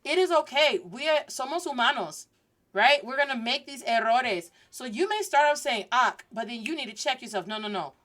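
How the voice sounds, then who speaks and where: A woman in her thirties teaches in a relaxed podcast style, chatty and animated. Her voice sits a little high, and she drops easily into Spanish words and phrases. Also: normal speed. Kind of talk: casual podcast lesson.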